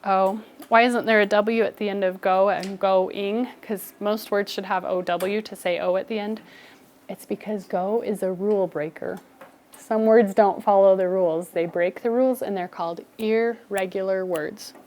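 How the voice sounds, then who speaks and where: Brisk woman teaching first grade spelling. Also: medium pitch, steady tone, a little mellow. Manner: brisk, encouraging classroom instructions. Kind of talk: classroom spelling lesson.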